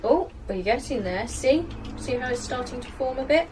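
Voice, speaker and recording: A woman's voice: high voice, animated, fairly quick, darkish tone, slight background noise. Chatty woman baking at home. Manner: chatty and self-deprecating, talks to the dough. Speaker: baking vlogger. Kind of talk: casual how-to narration. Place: home kitchen. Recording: distant mic with faint kitchen clatter.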